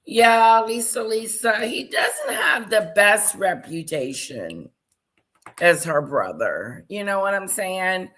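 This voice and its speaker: A woman's voice: medium pitch, sing-song, slow, fairly bright tone. A woman casually commenting on a video she is watching, with gossipy, teasing asides.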